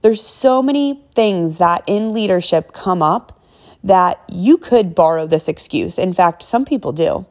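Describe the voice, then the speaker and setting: A woman's voice: on the low side, expressive, a little slow, a little mellow. A woman hosting her own podcast, talking casually to listeners in a rambling way, with restarts and many asides to them. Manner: rambling and conversational, restarts, addresses listeners directly. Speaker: podcast host; store manager. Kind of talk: casual solo podcast talk.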